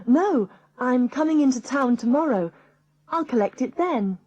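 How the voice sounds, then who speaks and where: A woman's voice: high-pitched, lively intonation, measured pace, a little mellow, dry recording, highs cut off. An actress playing a customer carefully checking her flight details, in a scripted textbook dialogue.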